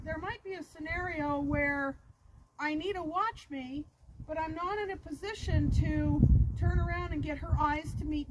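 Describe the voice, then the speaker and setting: High-voiced woman dog trainer. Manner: explains steps plainly, praises the dog in a high sing-song voice. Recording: loud background noise.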